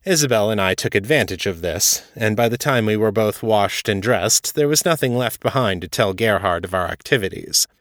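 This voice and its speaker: A man reading his own first-person fiction as a podcast host, steady and matter-of-fact. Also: lowish voice, normal speed, hardly any pauses, dry recording, clean studio sound. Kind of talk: first-person story narration.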